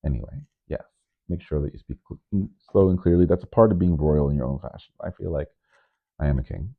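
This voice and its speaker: A man with a deep, low voice talks through his vlog in a loose, rambling way, nervous in front of the camera. He keeps breaking into sudden high, loud bursts before dropping back down. The sound is thin and narrow, like a phone line. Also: brisk. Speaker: DJ and vlogger. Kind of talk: casual vlog monologue. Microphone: microphone.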